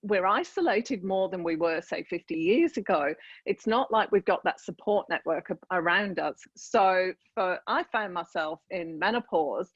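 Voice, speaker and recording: A woman in her fifties from northern England, chatting as a podcast guest over a remote call, lively and full of restarts. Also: lowish voice, moderate pace, husky, no room sound, lo-fi sound. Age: 50s. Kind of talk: casual interview chat.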